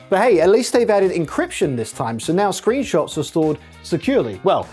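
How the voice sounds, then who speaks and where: A man's voice: high voice, big pitch swings, moderate pace, few pauses, a little mellow, soft background music. A man hosting a satirical comedy tech news show, talking sarcastically and mocking his subject. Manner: sarcastic, mocking, with many put-on silly voices.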